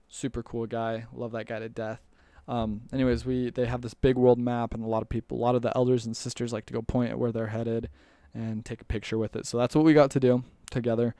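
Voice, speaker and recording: A young man tells a loose, rambling story in an even, fairly flat voice that stays close to one pitch. His tone is smooth and clear, recorded dry and close with no room sound. He restarts his sentences often and lets small chuckles slip in. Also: dry recording. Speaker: storyteller recalling a church mission. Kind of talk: casual storytelling.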